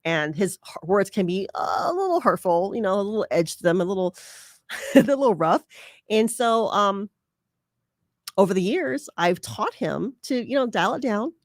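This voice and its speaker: A woman talks through an advice podcast in a casual, chatty way, often laughing and stopping for fillers. Her voice sits at an ordinary middle pitch. It is recorded close and dry, with no room sound. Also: sing-song, normal speed, no room sound. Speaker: podcast host.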